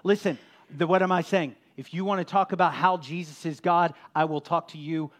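A middle-aged man delivers a sermon as a pastor, his voice sitting a little high for a man. He preaches with passion, building to loud, emphatic peaks and then sinking to a low, soft tone. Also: steady tone, brisk.

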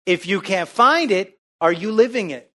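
High-voiced emphatic preaching man. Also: animated, moderate pace, a bit bright. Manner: emphatic, rhetorical questions, calls for amen. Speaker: pastor. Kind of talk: sermon.

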